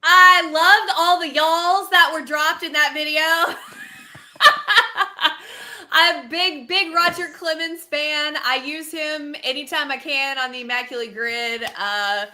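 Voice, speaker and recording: Female co-host, bubbly, high pitched. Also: slow. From Texas. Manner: bubbly, giggly, expressive. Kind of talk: casual livestream chat.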